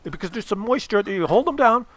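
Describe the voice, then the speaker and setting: A man's voice: high-pitched, lively intonation, a little fast, fairly bright tone, slight background noise, pitched above the performer's own voice. A man doing his eager older dad. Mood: insistent. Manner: eager, insistent, repeats himself. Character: enthusiastic older father explaining his cooking.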